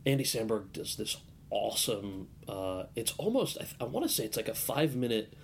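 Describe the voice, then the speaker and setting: A man's voice: fairly low pitch, big pitch swings, a little fast, a little hiss or hum. Rambling man telling a podcast story. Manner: rambling storyteller with many restarts. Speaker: guest. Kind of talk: casual podcast interview.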